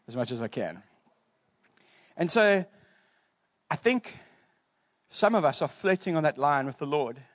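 A man preaching a sermon from the pulpit, casual and joking, animated as he retells a Bible story. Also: fairly high pitch. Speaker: pastor. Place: church hall, streamed to Zoom. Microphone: pulpit mic. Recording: muffled, reverberant church hall.

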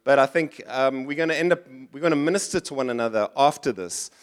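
A man's voice: mid-range voice, quick pace. A middle-aged man, preaching a sermon in church in a conversational style, often restarting and going off on asides. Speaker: pastor.

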